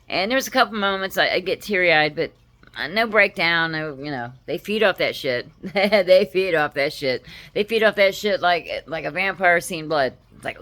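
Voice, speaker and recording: Low-voiced woman telling a heartfelt story. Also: animated, a bit bright. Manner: heartfelt, halting, with frequent pauses and restarts. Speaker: vlogger. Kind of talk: personal storytelling to camera.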